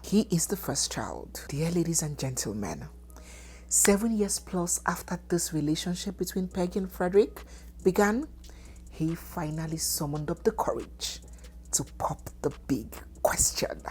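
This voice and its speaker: A woman narrating a dramatic documentary story, animated and dropping into hushed, whispered asides. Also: sits low, unhurried, slight background noise.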